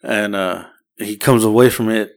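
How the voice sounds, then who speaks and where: A man's voice: fairly low pitch, steady tone, moderate pace. A man, co-hosting a podcast and telling a rambling, profane story in casual chat. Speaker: podcast co-host.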